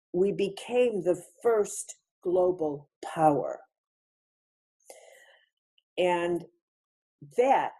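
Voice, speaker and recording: A woman's voice: medium pitch, dark tone, slightly rough. A woman giving a spiritual lecture over a webinar, reflective, repeating phrases for emphasis. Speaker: featured speaker.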